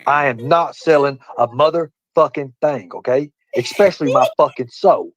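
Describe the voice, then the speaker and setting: A man's voice: medium pitch, moderate pace, slight background noise, poor audio. A man delivering a repetitive, profane, lecturing rant in a clip played on a livestream.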